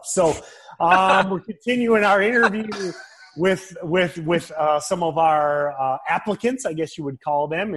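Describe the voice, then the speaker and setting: A man hosting an interview, introducing guests in a halting, rambling way. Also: fairly high pitch, fairly bright tone, slightly rough, low-quality recording. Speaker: host. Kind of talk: casual interview.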